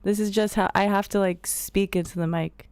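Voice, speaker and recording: A woman's voice: mid-range voice, steady tone, moderate pace, darkish tone, slight background noise. A young woman, co-hosting a podcast and chatting casually with viewers, laid-back, laughing and swearing easily. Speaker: podcast co-host. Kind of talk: casual chat with live chat.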